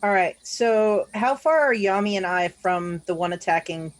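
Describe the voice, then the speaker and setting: A woman playing a tabletop game, declaring her character's moves briskly. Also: medium pitch, expressive. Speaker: player.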